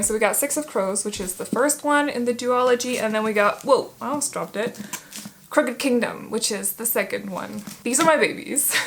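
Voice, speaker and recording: Giggly rambling young woman reviewing books. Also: fairly high pitch. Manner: rambling, giggly, self-correcting. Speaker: book vlogger. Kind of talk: casual book review chat.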